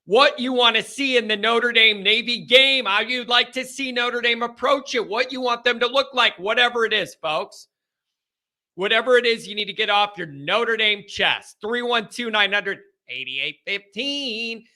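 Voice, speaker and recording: A man's voice: very high voice, normal speed, bright, forceful tone. A man hosting a casual call-in sports talk stream, talkative and repeating himself. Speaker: call-in show host.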